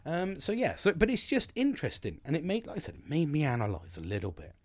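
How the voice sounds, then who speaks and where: A man's voice: on the high side, wildly swooping pitch, quick pace, dry recording. A man in his forties hosting a solo podcast, talking casually into a close mic in a rambling, sweary, self-mocking way. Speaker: podcast host. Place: at home, drinking cider. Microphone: close studio-style mic.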